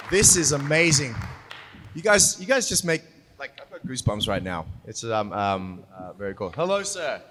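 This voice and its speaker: Excitable man hosting a convention panel. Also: fairly high pitch. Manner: excitable, rambling, lots of fillers. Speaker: panel moderator. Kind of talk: hyping a live convention panel. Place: convention hall stage. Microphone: handheld mic. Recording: reverberant hall with crowd noise.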